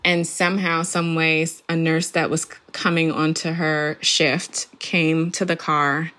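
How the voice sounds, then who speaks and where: A middle-aged woman calmly recounting a birth story, reflective and laughing softly at moments. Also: low-pitched, unhurried. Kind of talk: storytelling interview.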